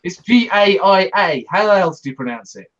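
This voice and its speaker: A man's voice: high-pitched, lively intonation, normal speed, a bit bright. A man co-hosting a podcast in casual banter, rambling with many restarts. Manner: rambling, restarts, laughs easily. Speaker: podcast co-host. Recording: muffled lo-fi mic.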